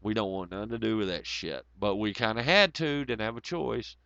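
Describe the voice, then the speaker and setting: Low gravelly guy on a stream reading chat, cusses a lot, rambly, muffled dry lo-fi sound. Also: brisk, bright, forceful tone, no room sound. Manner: profane, rambling, sarcastic. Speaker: livestream host reading chat. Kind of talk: casual livestream chat. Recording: dull lo-fi audio.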